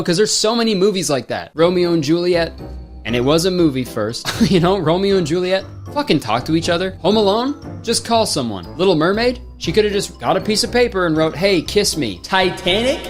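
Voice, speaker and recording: Sarcastic young man roasting a movie. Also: on the high side. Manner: sarcastic, exasperated, swearing. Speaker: comedian, host. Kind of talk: comedic movie commentary.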